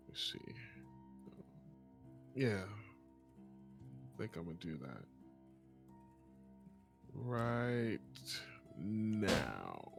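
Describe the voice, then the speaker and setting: Easygoing man player, unhurried. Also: fairly low pitch, big pitch swings, creaky, music in the background. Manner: easygoing, laughs often. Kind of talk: casual chat at a game table.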